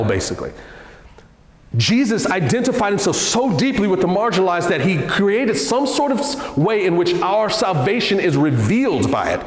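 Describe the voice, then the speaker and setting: A man giving an earnest, conversational church talk as a guest speaker, with lively swings in pitch. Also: moderate pace. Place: church hall. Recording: echoey hall.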